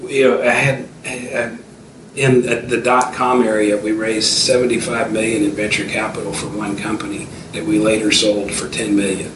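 Fairly low and flat, his delivery moves at a moderate pace. He's an entrepreneur in his fifties, telling stories as a guest in a casual interview and frequently restarting or filling gaps. Faint noise sits under a roomy, distant recording.

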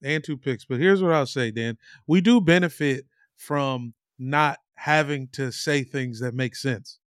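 A man's voice: medium pitch, a little slow, no echo. A man co-hosting a casual sports podcast, with dry, wry jokes. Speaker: podcast co-host.

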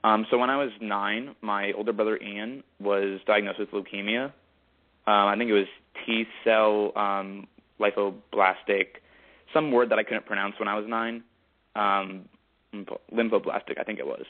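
A young man telling his story as a guest in an interview, hesitant with many pauses. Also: fairly low pitch, flat delivery. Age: young adult. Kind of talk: casual interview. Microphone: phone call. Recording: tinny phone line.

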